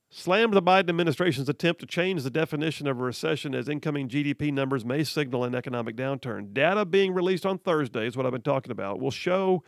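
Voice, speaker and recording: A man's voice: on the high side, gravelly, dry recording, clean studio sound. A man hosting political talk radio, reading headlines aloud and mocking them with frequent laughs. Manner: sarcastic, laughs often, reads headlines aloud. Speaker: radio talk show host.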